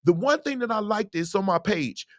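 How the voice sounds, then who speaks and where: Male host, casual livestream Q&A, emphatic and lively, high voice. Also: normal speed, no room sound, clean studio sound. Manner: animated, emphatic, preachy asides. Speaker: host, musician.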